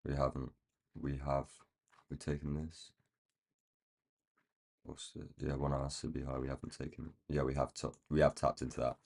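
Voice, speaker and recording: A man with a croaky, rough-sounding voice, thinking aloud in casual commentary as he marks up trading charts on a live stream. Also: very deep voice, completely flat delivery, normal speed, long pauses, a little mellow. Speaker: day trading livestream host.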